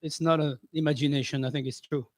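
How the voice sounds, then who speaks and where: A man co-hosting a food radio show, relaxed and jokey, who laughs easily. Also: on the high side, fast talker. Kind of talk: casual radio chat.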